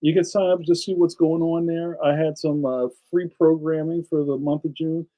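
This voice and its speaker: A man's voice: fairly high pitch, little pitch movement, normal speed, narrow, tinny audio. A man hosting a casual livestream, chatting enthusiastically and speaking straight to his viewers. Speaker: livestream host and cartoonist.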